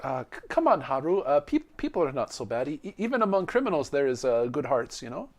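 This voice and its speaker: A man voicing a gentle rodeo clown who stammers and hesitates. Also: mid-range voice, big pitch swings, a little fast. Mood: earnest.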